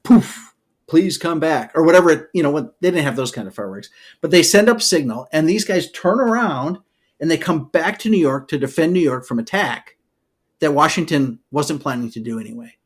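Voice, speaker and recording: Animated rambling male podcast host. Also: on the high side, fairly quick, husky. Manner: animated, rambling, lots of "okay" and "all right". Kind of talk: casual storytelling chat.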